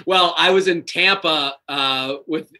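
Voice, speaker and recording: A man in his thirties guesting on a podcast, talking in a high, bright voice. He tells his stories with animation and acts out what other people said. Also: slow pace. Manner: animated storyteller who acts out quotes. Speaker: comedian guest. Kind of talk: casual podcast chat.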